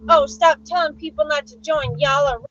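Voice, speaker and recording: A woman's voice: sits high, fairly even intonation, normal speed, fairly bright tone. A woman co-host giving blunt, mocking, profane reactions to clips. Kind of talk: reaction banter. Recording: dull, dry sound.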